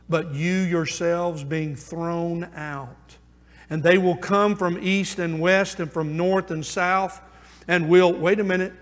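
High-voiced preacher in a reverberant hall. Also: male voice. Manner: emphatic, rising and falling between loud urging and hushed intensity. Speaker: pastor. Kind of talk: sermon.

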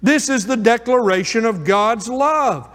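Fervent high-voiced male preacher, reverberant hall. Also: expressive, unhurried, a bit bright. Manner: fervent, repeats phrases for emphasis. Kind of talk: sermon. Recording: long reverb of a large hall.

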